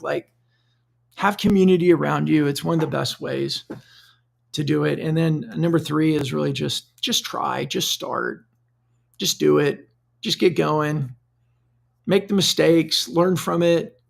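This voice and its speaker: A man's voice: on the high side, steady tone, measured pace, vocal fry. A middle-aged man hosting a solo podcast, talking loosely and conversationally, often repeating words as he thinks aloud. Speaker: podcast host. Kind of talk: solo podcast monologue, live-streamed.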